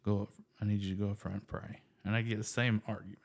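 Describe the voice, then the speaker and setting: A man casually telling his faith story as a podcast guest, animated and self-deprecating, full of "like" and "you know". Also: fairly low pitch, quick pace, creaky. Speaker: guest sharing testimony.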